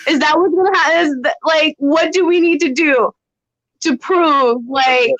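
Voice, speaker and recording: A woman co-hosting a podcast, animated and full of rhetorical questions in casual chat about a TV show. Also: high voice, normal speed, dry recording, highs cut off. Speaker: podcast co-host. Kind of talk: casual TV discussion.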